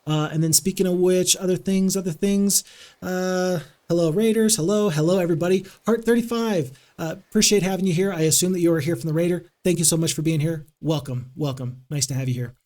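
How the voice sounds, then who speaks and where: A man's voice: sits high, brisk, a little mellow. A man streaming a strategy game live, giving upbeat commentary as he thinks aloud and greets his chat.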